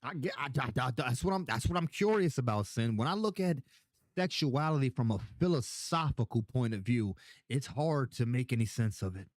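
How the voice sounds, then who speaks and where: A man's voice: mid-range voice, expressive, moderate pace, no room sound. A tipsy young man hosting a casual livestream, rambling, swearing a lot and repeating himself as he answers chat questions.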